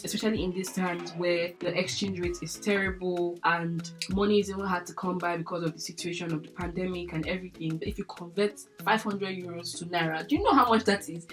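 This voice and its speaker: A woman's voice: fairly low pitch, a little fast, hardly any pauses, soft background music. Chatty Nigerian woman vlogging. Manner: chatty, animated, laughs often, many fillers like "like". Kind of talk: casual chat to camera.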